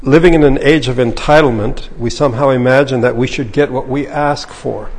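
A male pastor with a slightly husky, middle-pitched voice delivers a sermon, paraphrasing scripture in casual everyday phrasing. His words ring out with a long reverb, as in a church hall. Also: fairly even intonation, a little fast.

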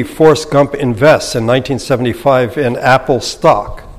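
A man giving a thoughtful, measured Bible lesson, explaining a passage with occasional restarts. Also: medium pitch, in a large hall. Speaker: Bible teacher. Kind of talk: lecture-style Bible teaching.

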